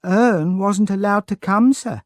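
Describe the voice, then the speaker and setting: A man's voice: high voice, measured pace, no room sound, clean studio sound, voice pushed up. A man reading an audiobook, voicing a timid, polite poor young girl who calls everyone sir, in a raised, meek voice. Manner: meek, respectful, says "sir" often. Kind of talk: audiobook character voice.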